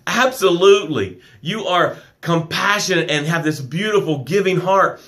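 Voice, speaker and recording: A man with a higher-than-usual voice gives an emphatic, affectionate pep talk on a live stream. He reads out viewer comments and swings between loud bursts and quiet asides. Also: moderate pace. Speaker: business coach.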